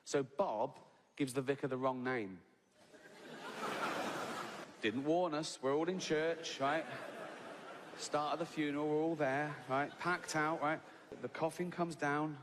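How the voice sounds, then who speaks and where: On a large theatre stage, an English stand-up comedian in his sixties swears freely, ends lines with "right?" and laughs at his own story. His somewhat high voice stays steady and unhurried with frequent pauses, and the live venue echoes with faint ambience and slight background noise.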